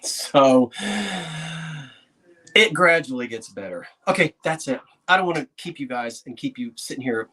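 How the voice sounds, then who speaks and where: Excitable chatty man vlogging about antiques. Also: mid-range voice, moderate pace. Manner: chatty, excitable, laughs often, talks to himself. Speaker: antiques dealer. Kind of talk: casual vlog talk to viewers.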